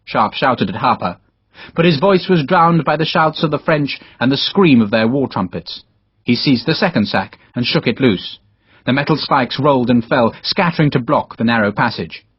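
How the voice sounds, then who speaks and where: A man's voice: medium pitch, animated, normal speed, slightly rough, no echo. A man narrating an audiobook dramatically in a dull, dry lo-fi recording. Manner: dramatic storytelling, voices all characters. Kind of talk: scripted narration.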